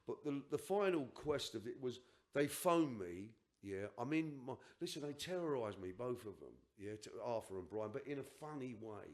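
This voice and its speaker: An older man on a podcast, telling a personal story in an emphatic, rambling way with restarts and asides. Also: mid-range voice. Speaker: podcast guest.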